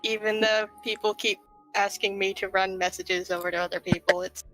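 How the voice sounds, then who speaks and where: A woman's voice: medium pitch, little pitch movement, moderate pace, a bit bright, soft background music, natural voice. A woman voicing a busy young female messenger god in a tabletop game, friendly and a little harried. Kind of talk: tabletop role-play.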